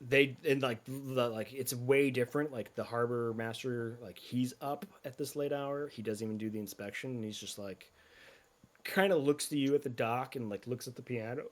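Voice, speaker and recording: A man runs a tabletop game and narrates the scene casually. He speaks at a middling pitch, pausing often and filling the gaps with fillers. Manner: casual, halting, filler-heavy. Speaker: game master.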